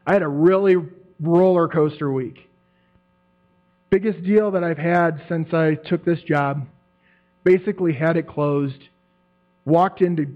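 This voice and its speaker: Male speaker, slightly high voice, lively storytelling testimony, tinny humming recording. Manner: animated storytelling, acts out quotes, laughs often. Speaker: church member giving a testimony. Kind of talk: testimony talk to a church group. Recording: tinny phone-like sound with mains hum.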